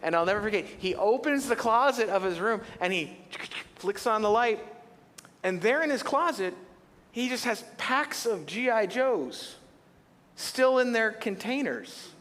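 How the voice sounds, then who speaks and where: This middle-aged man is a pastor giving a sermon in a church auditorium, spinning humorous, animated stories. He has a high, slightly bright voice with lively intonation and a somewhat slow delivery, all wrapped in long church hall reverb.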